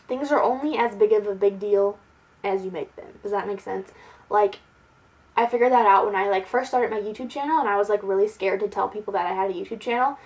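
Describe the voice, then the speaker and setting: A woman's voice: medium pitch, warm tone, muffled recording. Chatty young woman vlogging at home. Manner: chatty and giggly, peppered with "like". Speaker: beauty vlogger. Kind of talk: casual chat to camera. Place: at home, sitting indoors.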